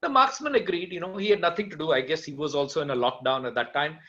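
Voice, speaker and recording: A man telling a folk tale aloud in an animated way, with playful asides to his listeners. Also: fairly high pitch, fast. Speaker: storyteller. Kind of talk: oral folk-tale storytelling. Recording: dull lo-fi recording.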